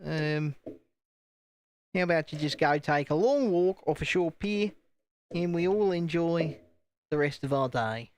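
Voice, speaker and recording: A man's voice: fairly high pitch, lively intonation, a little slow, pauses often. A British man putting on an Australian accent, playing a cocky, rude Australian bloke. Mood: cheeky. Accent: Australian (put on).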